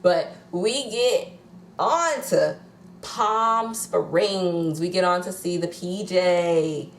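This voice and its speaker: A woman's voice: lowish voice, extremely slow, echoey room, a little hiss or hum. A woman recapping reality TV casually, sassy and blunt, swearing freely. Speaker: reality TV reviewer.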